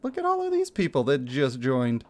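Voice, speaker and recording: A man's voice: mid-range voice, normal speed. A young man streaming a mobile game, chatting casually with his viewers, reading donations aloud and laughing often. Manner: animated, laughs often, reads chat aloud. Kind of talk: casual gaming livestream chat.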